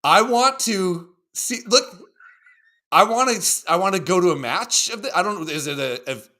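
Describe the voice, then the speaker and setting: Bright, animated man on a podcast. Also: sits high, normal speed. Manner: profane, excitable, rambling. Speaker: podcast co-host. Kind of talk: casual chat reacting to videos.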